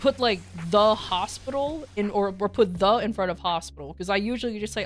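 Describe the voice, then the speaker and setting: A woman's voice: medium pitch, fairly quick, faint music behind. A woman with an American accent chatting casually on a stream, rambling through a story, swearing freely and laughing often. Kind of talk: casual chat.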